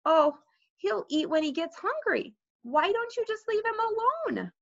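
A woman's voice: high voice, big pitch swings, normal speed, bright, forceful tone, no room sound, pitched above the performer's own voice, heavily acted. A woman voicing a sulky, defiant fourth-grade boy, in a dull lo-fi recording.

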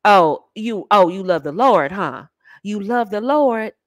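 A woman putting on a lowered voice to play a smug, scheming man who mocks and drawls. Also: lively intonation, normal speed, a bit bright, dry recording, lightly acted. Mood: mocking. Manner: mocking, drawling.

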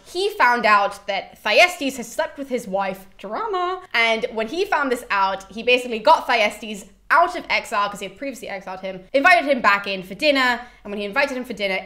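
A chatty young woman summarizes a story in a casual, lively way. Her voice sits a little on the high side, and she drops in quick voices for the characters. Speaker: host.

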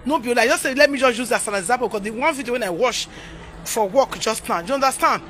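A woman's voice: a little high, quick pace, a bit bright, a little hiss or hum. A Nigerian woman from Edo, ranting in a heated, pleading way in a vlog, repeating herself as she scolds people. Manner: agitated, pleading, repetitive. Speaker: vlogger.

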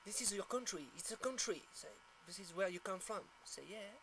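A man's voice: high voice, fairly quick, fairly bright tone, slight background noise. A man from France with a French accent tells a casual anecdote in English, laughing often and acting out the people he quotes. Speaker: storyteller.

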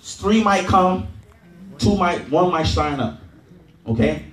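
A man's voice: high-pitched, slow pace. A man training an audience at a sales event, repeating himself and leading call-and-response chants. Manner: repetitive, drills the crowd with chants and okays. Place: large event room with an audience. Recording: echoey hall, mic at a distance.

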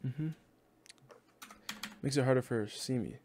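A man's voice: medium pitch, moderate pace, a little mellow, a little hiss or hum. Brash teasing young man. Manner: brash, teasing, laughs often. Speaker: video chat prankster. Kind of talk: casual roasting chat. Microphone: own desk microphone.

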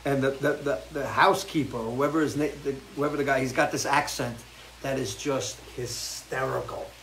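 A man hosting a casual live chat with viewers, rambling and crude, jumping from loud, animated outbursts to low mutters. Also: normal speed, a little hiss or hum, low-quality recording. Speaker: host.

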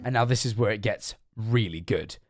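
A man's voice: fairly low pitch, moderate pace, soft background music. A young man streaming, reacting to a video and rambling through explanations of his own jokes with plenty of swearing. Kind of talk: live-stream reaction commentary.

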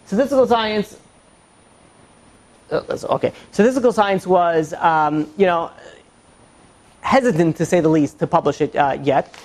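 A man teaching as a rabbi in an informal lecture, halting and full of "you know" fillers and restarts, with joking asides. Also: high-pitched.

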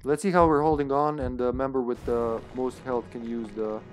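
A man's voice: medium pitch, normal speed. Chatty man streaming a game. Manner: chatty, thinks aloud, laughs, sudden excited outbursts. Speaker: streamer playing online co-op. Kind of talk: live gameplay commentary.

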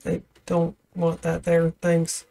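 A woman's voice: fairly low pitch, monotone, slow pace, creaky, warm tone. A woman streamer giving casual let's-play commentary, laughing nervously and talking to the game's creatures.

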